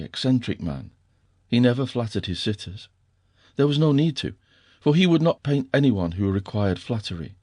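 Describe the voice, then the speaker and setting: A man narrating an audiobook in a measured, gentle storytelling manner. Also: fairly low pitch, no room sound, clean studio sound. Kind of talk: scripted narration.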